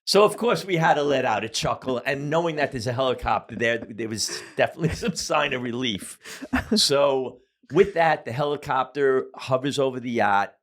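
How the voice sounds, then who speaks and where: A man's voice: medium pitch, animated, moderate pace, a bit bright. A middle-aged man telling a story as a podcast guest, casual and profane, with many fillers.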